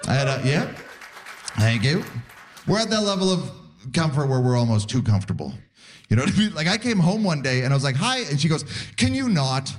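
A man in his forties from Canada, telling stand-up stories in a laid-back way with animated voiced asides. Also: a little high, brisk, a little hiss or hum. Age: 40s. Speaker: stand-up comedian. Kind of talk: stand-up comedy set. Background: audience laughter.

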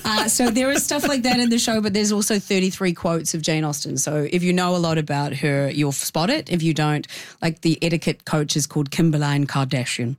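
A bubbly woman talks as a guest on a radio show. Her voice sits a touch low for a woman, and she keeps tossing in self-mocking asides. The sound is close and studio-clean. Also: fairly quick. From New Zealand. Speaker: guest performer. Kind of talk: radio interview chat.

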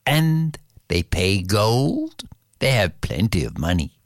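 A storyteller telling a folktale aloud with a rhythmic, repetitive delivery and dramatic pauses. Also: mid-range voice, wildly swooping pitch, no room sound, studio quality.

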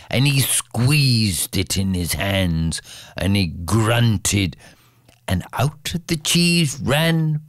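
Slow lively male storyteller. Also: creaky, dry recording, studio quality. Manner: lively, highly varied pitch, slow and deliberate. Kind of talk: told folk tale.

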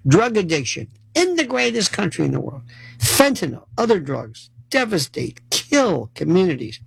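A man's voice: sits high, very animated, normal speed, creaky, husky, no echo, poor audio. A male political commentator delivering a sarcastic monologue and rattling off long lists of issues.

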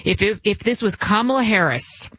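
A woman hosting a talk show, running through a sharp-tongued political monologue in a blunt, combative manner with a sarcastic streak. Her voice is mid-pitched, and the recording is dull and lo-fi with a dry, close sound. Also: expressive, normal speed, no room sound.

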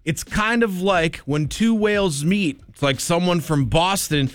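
A man co-hosting a morning radio show, chatting casually in a laid-back, drawn-out way. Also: high voice, no echo.

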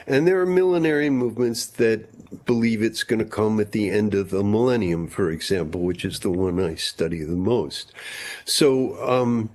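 A man's voice: fairly low pitch, moderate pace, a little mellow. A man talking as a historian guest, explaining at length and often repeating words as he thinks. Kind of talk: conversational interview explanation.

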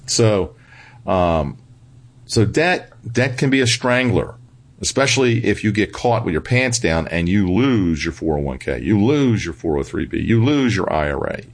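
A man's voice: deep voice, expressive, moderate pace. A man being interviewed as a financial commentator. He talks bluntly and with a touch of sarcasm, and keeps pressing his points with "right?" and "okay?". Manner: emphatic, repeats "right?" and "okay?" for emphasis. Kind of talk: interview answers.

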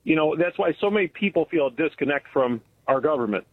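A man's voice: on the high side, lively intonation, fast, dry recording. A man calling in to a talk radio show, speaking in an earnest, folksy way. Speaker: caller. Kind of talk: call-in radio chat. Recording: tinny phone line.

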